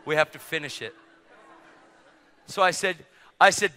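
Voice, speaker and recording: An animated male preacher tells his story in a high, bright voice, dropping to hushed asides and rising to shouts. His sermon echoes through a large hall with faint music underneath. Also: fairly quick, clear, resonant tone. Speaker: evangelist preacher.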